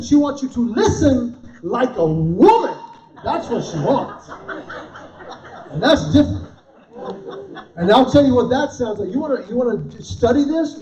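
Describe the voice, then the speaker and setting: Guy doing stand-up, high mellow voice, roomy far-off hall sound. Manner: animated storytelling, acts out his wife's high shrieks. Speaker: stand-up comedian. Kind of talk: stand-up comedy at a ministry dinner. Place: event hall with audience laughter. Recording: roomy, distant, dull hall recording.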